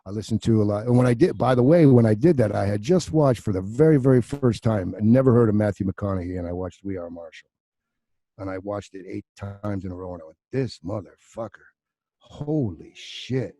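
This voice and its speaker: A middle-aged actor guest telling profane, animated anecdotes in a casual podcast chat, slipping into quoted voices. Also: male voice, on the low side, fast.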